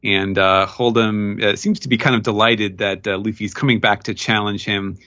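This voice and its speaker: A man's voice: on the low side, steady tone, normal speed, sharp tone, lo-fi sound. A man on a podcast casually recapping a comic chapter, rambling with lots of fillers and quoting characters in raised voices. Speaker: podcast co-host. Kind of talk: casual manga recap chat.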